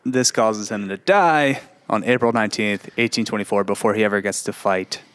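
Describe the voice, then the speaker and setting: A man's voice: on the low side, normal speed, fairly bright tone, clear, resonant tone. A man casually telling a history story on a comedy podcast, matter-of-fact and laid-back.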